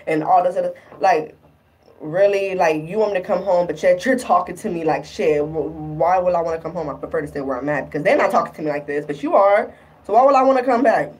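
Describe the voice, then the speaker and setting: Young woman vlogger, casual and animated, acts out quotes, lowish voice, mic a bit distant. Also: quick pace. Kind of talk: casual storytelling vlog.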